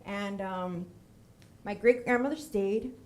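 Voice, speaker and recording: A middle-aged woman from Puerto Rico giving a personal storytelling talk with slides. She is humorous, lively and often drifts into tangents and acted quotes. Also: medium pitch, takes it slowly, slight background noise. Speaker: storytelling speaker on stage.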